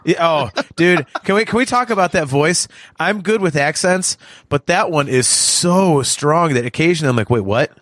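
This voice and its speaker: A man co-hosting a podcast in casual chat, talking in animated bursts with stammered restarts and frequent laughs. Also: a little high, moderate pace, no room sound, studio quality. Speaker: podcast co-host.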